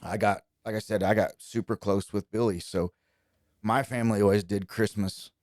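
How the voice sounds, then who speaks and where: Laid-back young guy from indiana, lowish voice, dry close sound, chatty storyteller. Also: moderate pace, dry recording. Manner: relaxed, chatty, lively when quoting people. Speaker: country singer, guest. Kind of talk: casual storytelling.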